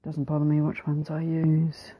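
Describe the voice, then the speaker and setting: A woman with a New Zealand accent narrating her craft process over a time-lapse, soft-spoken and relaxed, often slipping into a whisper, a little self-deprecating. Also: deep voice, normal speed, breathy edge, dry recording, rough recording. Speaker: mixed media artist.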